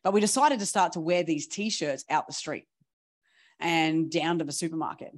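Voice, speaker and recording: A woman preaching, telling stories in a chatty, animated way with laughing asides. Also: low-pitched, moderate pace. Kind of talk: storytelling sermon.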